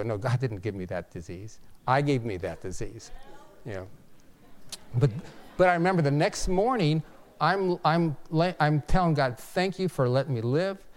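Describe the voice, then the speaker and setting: Smooth-voiced older man recounting his story. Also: medium pitch, a little mellow. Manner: halting, earnest, with frequent restarts. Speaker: physician. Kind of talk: personal testimony, storytelling.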